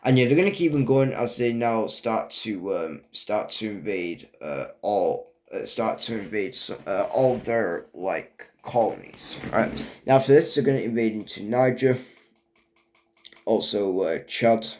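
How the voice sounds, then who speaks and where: Halting man narrating a game. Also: lowish voice, lively intonation. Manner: halting, many fillers and restarts; stumbles over words. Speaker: video narrator. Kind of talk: casual game commentary.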